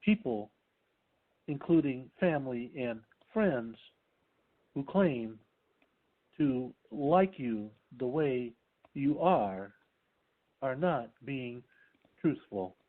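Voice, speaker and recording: Very slow, husky man on a phone line. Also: medium pitch, expressive. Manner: very slow, deliberate and measured. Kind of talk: delivering a spiritual message.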